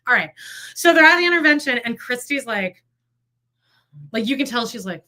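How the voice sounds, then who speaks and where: With a fairly high pitch and a moderate pace, this podcast co-host chats about gossip in a relaxed way. She's animated, curses a lot, and performs other people's quotes.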